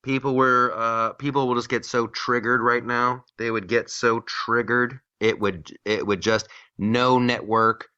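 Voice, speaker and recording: A man's voice: medium pitch, unhurried, few pauses, clear, resonant tone. Wry male talk radio host. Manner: wry, animated storytelling with mock chants. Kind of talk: casual political talk chat. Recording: slightly dull radio audio.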